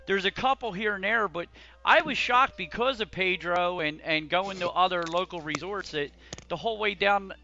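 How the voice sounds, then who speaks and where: A man's voice: high voice, sharp tone. A man hosting a casual podcast chat, rambling and stammering through restarts. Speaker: podcast host. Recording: slightly dull lo-fi audio.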